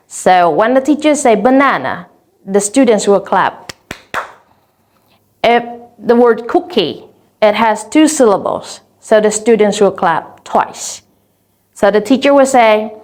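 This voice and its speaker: A woman with a Vietnamese accent giving an instructional lesson on teaching English vocabulary, speaking clearly and deliberately and drawing out example words slowly. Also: medium pitch.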